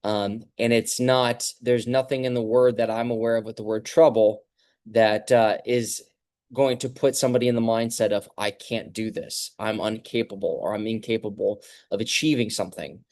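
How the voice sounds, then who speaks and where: A man and father giving a casual motivational talk, reflective and halting with many fillers. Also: fairly low pitch, fairly even intonation, a little mellow, dry recording, studio quality. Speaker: clinic host.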